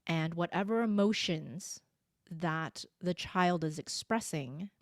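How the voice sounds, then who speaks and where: A woman's voice: on the low side, takes it slowly, no room sound, clean studio sound. A woman in her forties, a voice coach and podcast guest, telling a story in conversation and acting out the lines she quotes. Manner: animated, acts out quoted lines.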